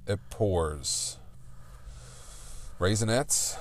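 A man co-hosting a casual podcast, excitable and thinking out loud while guessing slogans. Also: sits low, normal speed. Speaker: podcast co-host. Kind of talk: casual chat.

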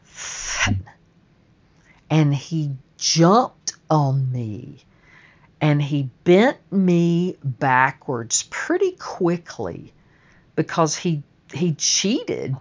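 Low-voiced woman telling a blunt story. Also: sing-song, drawn-out words, lo-fi sound. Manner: blunt and profane, emphatic. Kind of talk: first-person spoken storytelling.

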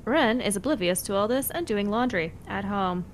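A woman's voice: medium pitch, normal speed, slight background noise. Dry-toned woman running a game.

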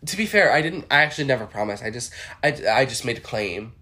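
A young adult host chatting solo in a campy, playful way. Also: male voice, medium pitch, animated, bright, forceful tone. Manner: chatty, campy, jumps into quick impressions. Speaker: podcast host. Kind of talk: casual solo chat with impressions.

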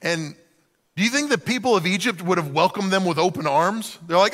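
A man preaching a sermon in an animated way, acting out the voices of the people in the story. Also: high-pitched, brisk, in a large hall. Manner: animated, acts out quoted voices. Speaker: pastor.

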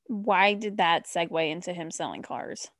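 A woman's voice: lowish voice, lively intonation, fairly bright tone, no echo, studio quality. Blunt, cursing woman podcast co-host. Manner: blunt, swearing, quick reactions. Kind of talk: casual chat.

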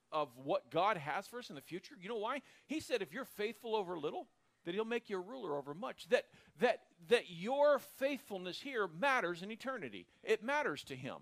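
A man teaching a sermon, reading scripture aloud and getting excited enough to shout at times. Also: high voice, normal speed. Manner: animated, bursts into excited shouting; reads scripture aloud, acts out quoted voices. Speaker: Bible teacher.

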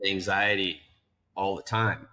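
A man's voice: low-pitched, fairly even intonation, takes it slowly, bright, forceful tone. A man who trains dogs, co-hosting a podcast in casual chat with short, clipped remarks. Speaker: dog trainer and podcast co-host.

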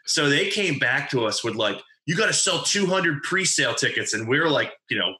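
A man's voice: mid-range voice, big pitch swings, brisk, bright, forceful tone, echoey room, rough recording. A man in his twenties from New Jersey, telling a story in casual chat, rambling with lots of fillers and swearing. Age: 20s. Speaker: podcast guest telling a story.

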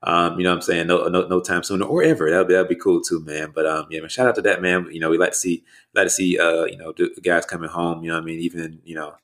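Deep-voiced laid-back man chatting. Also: steady tone, fast talker, hardly any pauses, a bit bright. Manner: laid-back, rambling, heavy fillers and restarts. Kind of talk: casual chat.

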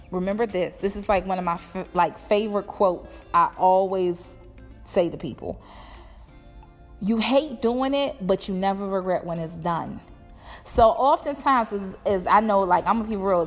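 A young woman entrepreneur giving a blunt, motivational talk to her viewers, cussing freely. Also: medium pitch. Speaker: entrepreneur and vlogger. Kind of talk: casual motivational talk to camera. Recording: long echo with music behind.

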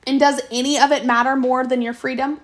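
A woman reading aloud and voicing a proud teenage servant girl who speaks in a sharp, accusing, hurt way. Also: high-pitched, flat delivery, a little fast, close to an everyday voice. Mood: disappointed.

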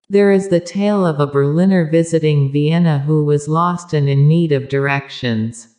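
A spiritual teacher giving a calm, measured discourse with repeated, parallel phrasing. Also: mid-range voice.

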